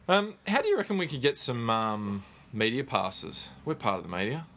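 Chatty, sweary footy podcaster. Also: male voice, mid-range voice, very animated, moderate pace, bright, forceful tone. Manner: chatty, swears freely, storytelling. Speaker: podcast host. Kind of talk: casual sports chat.

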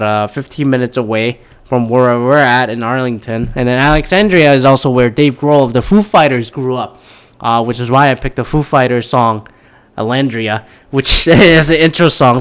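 A man's voice: mid-range voice, a bit bright, clean tone. A man with a slightly nasal voice hosting a podcast, rambling casually and ranting with lots of swearing and restarts. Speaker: podcast host.

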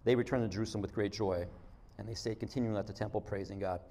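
A man preaching a sermon in a relaxed, conversational way, restarting phrases and acting out quotes. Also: fairly low pitch, very fast. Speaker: pastor.

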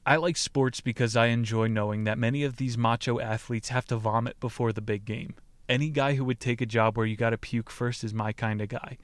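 A man's voice: mid-range voice, brisk, no room sound. Dry-voiced male podcast host reading aloud. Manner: deadpan reading broken by laughing, profane asides. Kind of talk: reading a book aloud with casual commentary.

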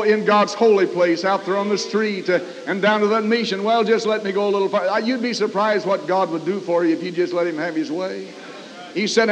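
Older American man preaching, high voice. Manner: storytelling with frequent "uh" fillers. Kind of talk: sermon. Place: church sanctuary. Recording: dull, hissy 1990s church tape with long reverb.

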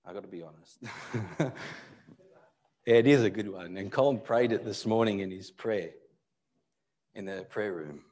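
A male pastor giving a live sermon in church, moving between loud emphatic bursts and low, quiet asides. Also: normal speed. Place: church hall.

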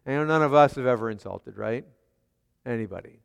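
A man preaching an expository sermon, asking his hearers rhetorical questions and swinging between quiet and emphatic delivery. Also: mid-range voice, animated, a little fast, gravelly, smooth. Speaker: pastor. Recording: long hall reverb.

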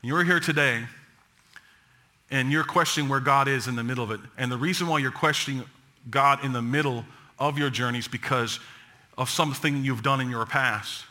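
A man preaching a sermon to his congregation, shifting between emphatic lines and low, quiet passages. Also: a little fast. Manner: dramatic preaching, drops low and soft for quoted words of God; joking with the congregation. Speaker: pastor.

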